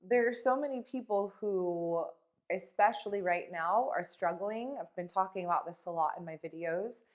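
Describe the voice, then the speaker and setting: A woman's voice: lowish voice, moderate pace. Blunt, profane woman coach. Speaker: life coach. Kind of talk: casual motivational vlog talk.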